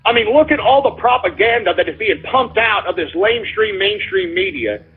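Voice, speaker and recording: A man's voice: sits high, expressive, normal speed, husky, faint music behind. A man hosting a call-in radio show, ranting heatedly with lots of profanity and repetition. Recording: lo-fi phone-like sound.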